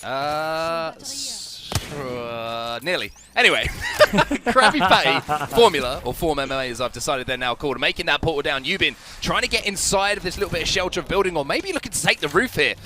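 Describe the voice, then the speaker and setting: Bright, high-pitched British caster. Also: male voice, normal speed, hardly any pauses, a little hiss or hum. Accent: British or Australian English. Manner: energetic, rising on big plays. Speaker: esports caster. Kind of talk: play-by-play commentary.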